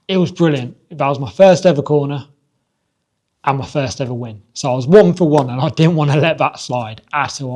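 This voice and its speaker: Chatty boxing coach, mid pitch. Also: male voice, a little mellow. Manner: chatty, self-deprecating, laughs often, many fillers. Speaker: boxing coach and podcast host. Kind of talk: casual reflective monologue.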